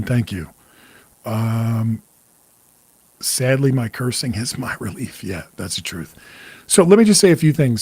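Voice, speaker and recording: A man's voice: fairly low pitch, creaky, a little mellow, husky, no room sound. A man in his forties hosting a casual livestream as a psychic medium, talking candidly, cursing freely and greeting viewers by name. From New York area. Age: 40s.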